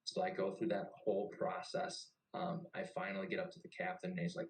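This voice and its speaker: A man's voice: low voice, brisk, hardly any pauses, rough recording. A young man who served in the navy, telling a story in casual, profane chat. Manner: profane and animated. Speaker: podcast host and navy veteran.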